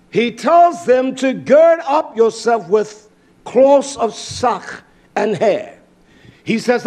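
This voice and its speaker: High-voiced fiery male preacher. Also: very animated, measured pace. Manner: swings from loud shouting to hushed near-whispers. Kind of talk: fiery sermon.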